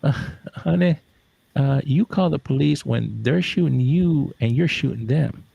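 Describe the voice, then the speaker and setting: A man's voice: mid-range voice, unhurried, creaky, breathy edge, no echo, highs cut off, pitched above the performer's own voice, full character voice. A man putting on the voice of a blunt, cheery elderly woman neighbor in a matter-of-fact, teasing tone. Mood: amused blunt.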